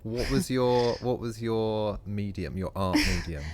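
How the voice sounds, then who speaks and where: Man, Essex accent, very deep voice, podcast interviewer, faint hiss behind. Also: a little slow, darkish tone. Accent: English, Essex. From England. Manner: easygoing, hesitant restarts. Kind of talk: casual interview.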